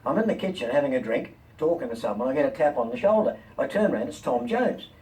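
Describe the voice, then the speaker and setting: An older man, a comedian and talk-show guest, telling lively anecdotes and voicing the people in them. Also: mid-range voice, fast talker. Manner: lively, quotes people in animated voices. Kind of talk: anecdotal storytelling. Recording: distant mic, faint room noise.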